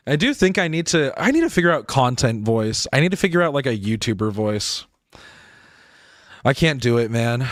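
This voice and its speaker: A man's voice: medium pitch, very animated, moderate pace, a bit bright, no echo, studio quality. Rambling young man streamer. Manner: rambling, filler-heavy, laughs often. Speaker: game streamer. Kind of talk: casual live-stream chat.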